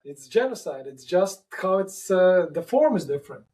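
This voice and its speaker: A man answering interview questions in a halting way, often repeating and restarting words. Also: sits high, very animated, dark tone, low-quality recording. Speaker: podcast guest.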